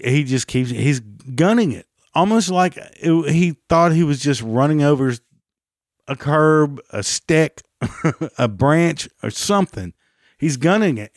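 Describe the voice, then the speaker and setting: A man angrily retelling a story, swearing heavily and pitching up when worked up. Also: no echo, clean studio sound. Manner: heated, heavy swearing, rising pitch when agitated. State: still angry about the event. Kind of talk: angry personal storytelling.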